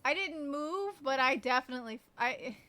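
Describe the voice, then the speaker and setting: A woman streamer giving casual gameplay commentary on a close desk mic, blunt, profane and excitable. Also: high-pitched, moderate pace.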